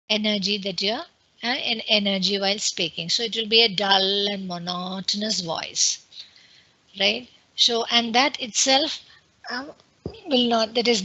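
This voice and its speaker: A woman's voice: a little high, sharp tone, poor audio. A woman with an Indian English accent giving an online webinar lecture in an explanatory way, with many fillers and restarts. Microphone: computer mic on a video call.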